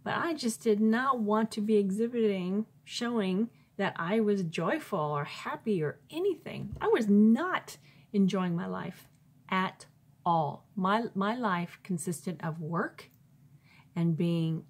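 A woman of middle pitch tells a personal faith story in a loose, conversational way, with plenty of ums and restarts. When she quotes her earlier self, her voice jumps up in pitch and turns emphatic. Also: animated, takes it slowly, breathy edge. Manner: informal storytelling, many fillers and restarts; acts out her own past thoughts in raised, emphatic bursts. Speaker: Christian author.

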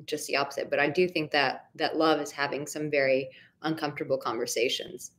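A woman's voice: low voice, steady tone, brisk. A woman relationship coach answering viewers' questions in a live stream Q&A, candid and emphatic, casually swearing and calling viewers honey and darling. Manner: warm pet names for viewers.

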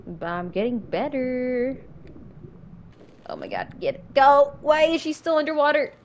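A woman streaming her gameplay and talking to chat in a casual, excitable way. Her pitch sits a little high and swings widely, and between bursts of swearing and laughter she speaks at an unhurried pace. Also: a little hiss or hum. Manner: excitable, swears often, laughs, panicky outbursts. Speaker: livestreamer.

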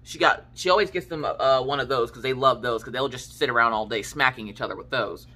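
With a bass voice and a fairly quick delivery, a craft channel host in her thirties chats about her family over slight background noise. She's animated and slangy, storytelling casually while acting out her relatives' lines.

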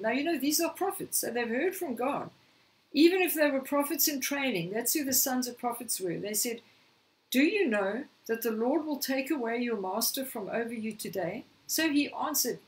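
Woman preacher, sermon, high voice, a bit hoarse, storytelling, mic set back from her. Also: recorded from a distance, poor audio. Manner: storytelling, acting out quoted lines. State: slightly hoarse, clearing throat.

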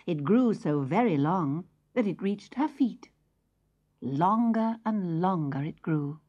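Woman storyteller, low voice, slow and sing-song with hushed asides; lo-fi cassette, faint music behind. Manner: slow, expressive, sing-song reading with soft whispers. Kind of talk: scripted children's story narration.

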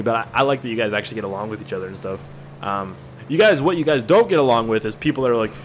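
A man's voice: mid-range voice, expressive, very fast, slight background noise. Young man rambling over gameplay. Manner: rambling, profane, easily amused. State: tired. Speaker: gaming video creator. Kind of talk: casual gameplay commentary.

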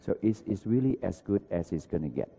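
A man's voice: deep voice, big pitch swings, fairly quick, gravelly, warm tone, soft background music. A man in his sixties giving an earnest academic conference lecture, often repeating words and using non-native grammar. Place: large conference hall. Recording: dull lo-fi hall recording.

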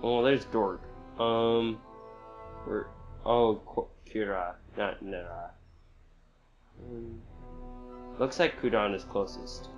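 A man commentating while he plays a video game, reacting with frequent excited outbursts and exclamations. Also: lowish voice, slow, long pauses, muffled recording, soft background music. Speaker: gamer. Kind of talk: gameplay commentary.

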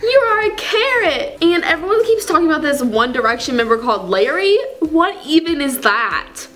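A woman's voice: high-pitched, very animated, moderate pace, a bit bright, pitched above the performer's own voice, poor audio. A woman playing a gushing, clueless teenage fake fan who rambles giddily and gasps between lines, with a faint music bed behind her. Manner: giddy, rambling, gasping fangirl talk. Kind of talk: comedy sketch character.

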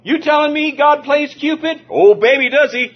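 High-voiced preacher on a dull recording. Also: male voice, moderate pace. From Southern California. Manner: lively preaching with call-and-response and chuckles. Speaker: pastor. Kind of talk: sermon.

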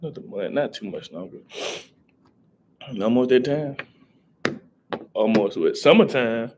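A man's voice: mid-range voice, lively intonation, unhurried, darkish tone, slight background noise. A young man, rambling casually on a live stream and greeting viewers in chat. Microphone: headset.

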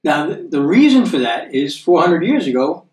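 An American man giving conversational Bible teaching, checking in with listeners through tag questions like "okay?" and slowing down to read scripture aloud. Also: a little high, sing-song, a little mellow. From United States. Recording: echoey room, voice from a distance.

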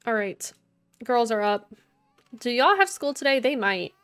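With a clear, resonant voice that sits a little high and swings widely in pitch, a young woman streams a life-sim game at a measured pace. She giggles frequently and chats casually with her viewers and in-game characters over quiet game music.

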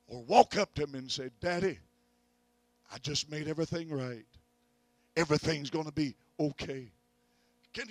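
A middle-aged evangelist preaching at a revival, telling a family story and rising to loud peaks of faith. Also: male voice, on the high side, no echo. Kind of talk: revival sermon. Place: church.

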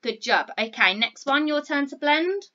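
Woman, primary teacher, bright voice, slow and clear, slightly dull recording. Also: sits high, animated. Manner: encouraging, slow and clear, sounding out words. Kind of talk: recorded phonics lesson for young children.

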